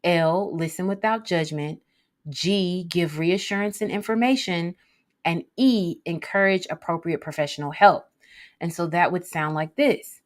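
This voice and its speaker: A woman giving an instructional talk on mental health support, often pausing to check in with listeners. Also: lowish voice. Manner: checks in often with "okay?", acts out example phrases.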